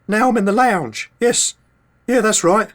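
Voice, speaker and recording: A man putting on a befuddled older lady, her voice pitched far up and thin as she stammers over every thought. She drifts and forgets mid-sentence, on a comedy podcast. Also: a little slow. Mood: rambling. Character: confused, rambling older lady.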